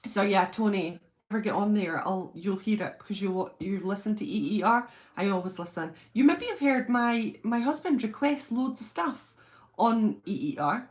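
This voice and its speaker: A woman with a British accent hosting a live stream from home, chatting casually and reading out viewer comments in a gushing, excitable way. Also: medium pitch, moderate pace. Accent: British English.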